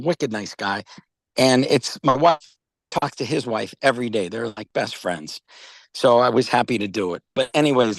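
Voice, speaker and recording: Rambling older New man, gravelly. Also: medium pitch, no echo. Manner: rambling storyteller, repeats words, says "okay?" and "all right?" often. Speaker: company founder pitching wellness products. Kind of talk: casual video-call chat.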